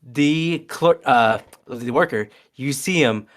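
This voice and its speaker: A man chatting on a podcast and walking through a movie's scenes. He pauses, restarts and fills gaps as he goes, in a relaxed, unhurried way. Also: medium pitch. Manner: halting, many fillers and restarts. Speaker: podcast co-host. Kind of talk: casual chat.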